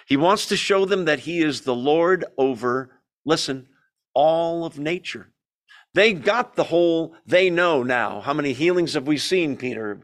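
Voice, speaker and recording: A man's voice: on the high side, fairly bright tone. A man teaching a Bible study in a conversational way, asking the group questions and telling the story with energy.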